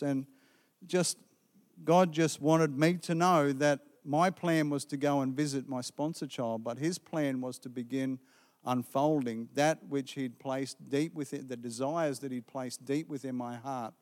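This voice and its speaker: A man preaching a sermon, earnestly retelling a conversation and its back-and-forth dialogue. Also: mid-range voice. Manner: earnest, retelling dialogue with lively quoted exchanges. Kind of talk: sermon testimony storytelling. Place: church sanctuary. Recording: long hall reverb.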